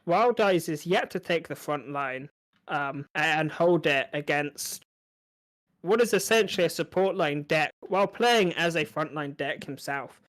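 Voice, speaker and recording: A man's voice: fairly high pitch, lively intonation, unhurried, fairly bright tone. A man commentating a card game match, analytical and stumbling over small restarts as he talks through the plays. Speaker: esports caster. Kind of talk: play-by-play commentary.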